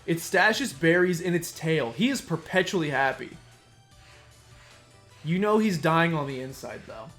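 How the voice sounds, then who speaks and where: A man's voice: a little high, lively intonation, unhurried, a bit bright. A man giving casual, playful commentary while playing a video game, chatting and muttering asides. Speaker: let's play streamer. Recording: faint game music behind.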